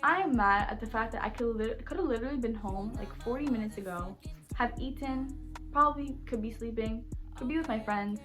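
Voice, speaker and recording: A young woman telling a casual storytime on her channel, animated and blunt, saying "like" and "literally" constantly. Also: fairly high pitch, a little fast, music in the background. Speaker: YouTuber.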